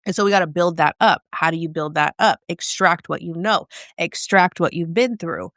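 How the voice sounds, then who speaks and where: A woman's voice: on the low side, normal speed, a bit bright, dry recording, studio quality. A woman business coach talking casually and directly in a live video, asking her viewers many questions.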